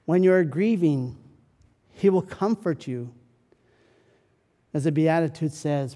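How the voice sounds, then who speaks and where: Man preaching, high voice, unhurried, dramatic swings loud to hushed, long church reverb. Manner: dramatic, swings from loud pleading to soft slow hush. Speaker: pastor. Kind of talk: sermon. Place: church sanctuary.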